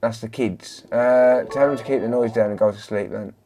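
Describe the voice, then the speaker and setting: A man's voice: medium pitch, steady tone, moderate pace, warm tone. A man hosting a live stream, greeting viewers one by one and bantering casually with his chat. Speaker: live-stream host, electronics repairer.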